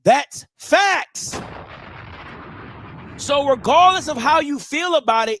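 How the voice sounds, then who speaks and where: High-pitched excitable Baltimore sports host. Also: male voice, dry recording. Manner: animated, rapid, emphatic, shouting bursts. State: out of breath. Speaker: sports talk show host. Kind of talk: excited sports commentary with call-ins.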